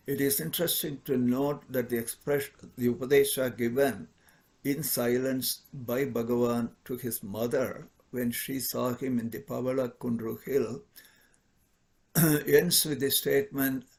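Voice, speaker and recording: Gravelly-voiced man, measured explanatory spiritual talk, mid pitch. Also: a little mellow. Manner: measured, explanatory, repeats points for emphasis. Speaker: devotional speaker. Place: ashram celebration.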